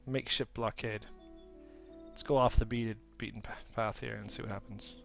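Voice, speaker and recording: A man's voice: lowish voice, level tone, quick pace, gravelly, soft background music. A man streaming a card game, giving casual commentary and reading card texts aloud. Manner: muttering, reading cards aloud.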